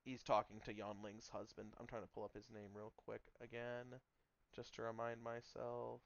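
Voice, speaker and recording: A man's voice: medium pitch, flat delivery, normal speed, creaky, lo-fi sound. A man narrating a tabletop game as game master, casual and full of fillers.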